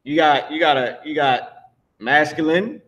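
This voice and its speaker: A man's voice: fairly high pitch, measured pace, fairly bright tone, highs cut off. A man teaching a live language class in a loose, slangy way, repeating words as he builds each point.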